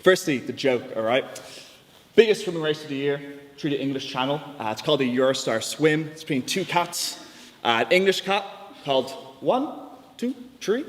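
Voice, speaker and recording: A young adult man gives a chatty, jokey floor speech in a student debating chamber, telling stories informally. His mid-range voice has lively intonation and runs a little fast, with long hall reverb and faint background noise.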